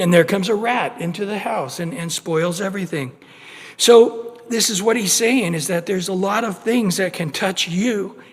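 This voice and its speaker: A man preaching an expository sermon as pastor, conversational and animated, acting out small everyday scenes and restarting his words as he goes. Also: high voice. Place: church sanctuary. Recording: long reverb of a church hall.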